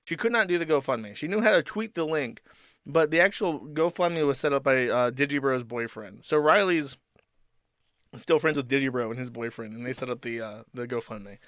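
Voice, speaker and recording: A man's voice: mid-range voice, moderate pace, a bit bright, no room sound, clean studio sound. A man hosting a livestream, talking in a sardonic, profane, rambling way. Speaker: streamer host. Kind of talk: livestream commentary.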